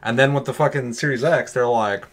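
A man's voice: mid-range voice, brisk. A man in casual chat on a gaming podcast, talking animatedly, swearing freely and acting out voices in his stories.

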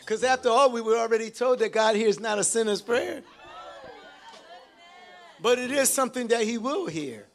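A man's voice: very high voice, animated, moderate pace, pauses often, some chatter behind. A man preaching a sermon, reading scripture and calling out to the congregation for responses. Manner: exhorting, calls out to the congregation.

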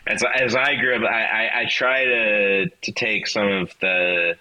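A man's voice: lowish voice, flat delivery, pushed and bright, rough recording. A man from Texas with a mild Texan accent, a podcast guest talking casually with many restarts and ums. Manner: halting, many restarts and ums, candid and profane. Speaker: podcast guest, metal guitarist. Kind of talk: casual interview chat.

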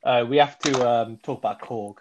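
Enthusiastically rambling through film reviews, this male podcast co-host corrects himself along the way in casual chat. He speaks at a moderate pace in a mid-range voice, with the highs cut off and noise in the background.

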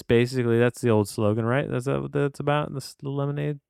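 A man's voice: mid-range voice, brisk, vocal fry, a little mellow, smooth, no room sound, clean studio sound. A man hosting a podcast, rambling through a casual film review with many restarts and fillers. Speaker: podcast host reviewing films.

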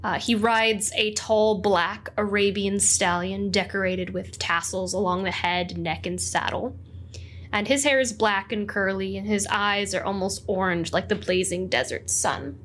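A woman's voice: medium pitch, steady tone, unhurried, a bit bright, a little hiss or hum. A woman narrating a tabletop game as game master, rambling with many fillers.

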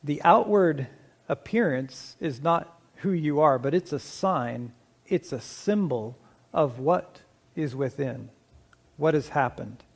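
A middle-aged male pastor preaches with a fairly high, animated, husky voice marked by vocal fry. His delivery is measured and conversational, slowing for emphasis on key points and asking the congregation questions.

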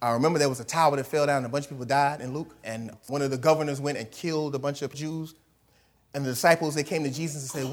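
A man's voice: on the high side, fast. A man preaching a sermon, reading scripture aloud and acting out the quotes, with casual, colloquial phrasing. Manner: animated preaching, reads scripture aloud, acts out quotes in voices. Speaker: pastor.

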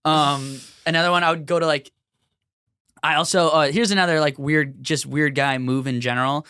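A man's voice: on the high side, steady tone, moderate pace, pushed and bright, clear, resonant tone, no echo, studio quality. Rambling swearing man, casual podcast chat. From Minnesota. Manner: rambling, swears, says dude and like a lot.

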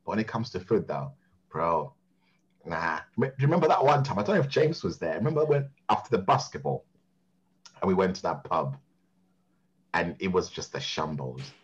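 Deep, husky storyteller man. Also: normal speed, long pauses, muffled recording. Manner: animated storyteller, slangy. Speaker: podcast co-host. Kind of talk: casual storytelling.

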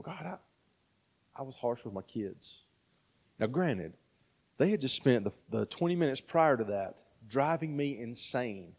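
A pastor in his thirties delivers a sermon in a large hall, talking conversationally and often tossing in "right?" to check with listeners. His voice is medium-pitched and a little mellow.

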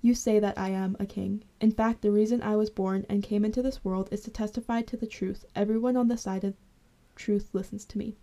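A woman reading Jesus, calm and measured. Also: medium pitch, lightly acted. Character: Jesus, calm grown man on trial.

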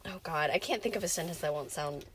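A woman's voice: low-pitched, fast, slight background noise. A young woman with a General American accent, chatting casually with friends in a rambling, giggly way. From USA. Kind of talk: casual chat.

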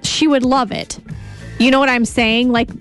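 A woman's voice: high-pitched, fairly even intonation, soft background music. A woman co-hosting a casual chat, laughing often and talking in an easygoing way. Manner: laughs often, unhurried and chatty.

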